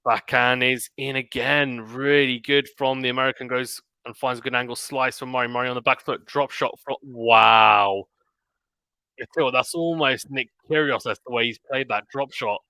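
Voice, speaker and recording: A man giving live play-by-play tennis commentary on a stream, calling the shots quickly and dropping into quiet chatty asides between points. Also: mid-range voice, fairly even intonation, smooth, dry recording. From Britain. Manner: rapid calls of the rally mixed with quiet chatty asides.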